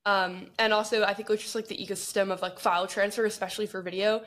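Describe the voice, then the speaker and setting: A woman guest on a tech podcast chats in an upbeat, casual way. She often fills her speech with "like", and her pitch sits in the middle range. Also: level tone, fast, a bit bright. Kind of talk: casual chat.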